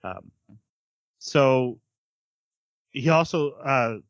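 A man's voice: medium pitch, animated, dry recording, dull audio. Chatty man recapping on a podcast. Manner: chatty, laughs often, quickly acts out characters' lines. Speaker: podcast host. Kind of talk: casual chat recapping an anime episode.

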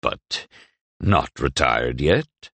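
A man voicing a burly middle-aged soldier who is gruff and used to giving orders. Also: a bass voice, expressive, extremely slow, fairly bright tone, no echo, voice pushed down, full character voice. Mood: wheedling.

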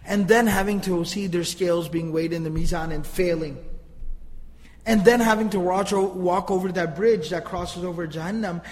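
Heard over poor audio with a big-room sound, the man speaks at normal speed in a high-pitched voice with a darkish tone. He's explaining Quranic grammar to listeners, pressing his points emphatically, asking rhetorical questions, and repeating himself frequently.

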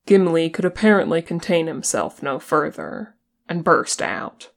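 An audiobook reader narrating fan fiction in a steady, even storytelling manner. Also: medium pitch, a little slow, gravelly. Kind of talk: reading fan fiction aloud.

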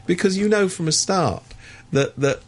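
A man's voice: high voice, normal speed. A man giving sardonic, opinionated commentary in a radio studio, stammering and restarting as he talks.

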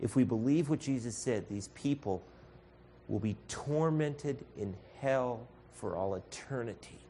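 A man's voice: medium pitch, unhurried, slight background noise. A man preaching a sermon as pastor, earnest and direct, calling his listeners folks. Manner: earnest, addresses congregation as folks, acts out shouted voices.

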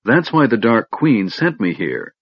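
A man's voice: lowish voice, big pitch swings, measured pace, breathy edge, no echo, voice pushed up, exaggerated voice. Een zelfverzekerde vrouwelijke legeraanvoerder, door een man gespeeld, plagerig en dreigend, levendig en hoger, doffe droge opname. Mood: eager. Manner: playful, pleasantly menacing. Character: confident, teasing female warrior commander. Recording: dull lo-fi recording.

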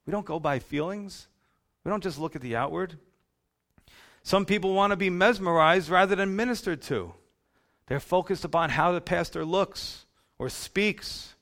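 A man preaching a sermon, retelling scripture in a folksy, storytelling way that swings between loud and soft. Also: a little high, animated, normal speed. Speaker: pastor.

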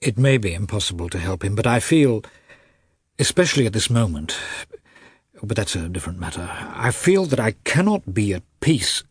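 A man reading the lines of an earnest, anxious younger brother who speaks guiltily and with sudden excitement. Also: fairly low pitch, moderate pace, husky, no room sound, clean studio sound, heavily acted.

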